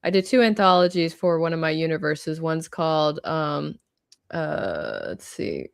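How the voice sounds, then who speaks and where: A woman co-hosting a podcast, telling stories in a fairly monotone, rambling way. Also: low-pitched, unhurried, gravelly, smooth, no room sound, studio quality. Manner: self-described monotone, rambling storyteller. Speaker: podcast co-host and writer. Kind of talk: casual podcast chat.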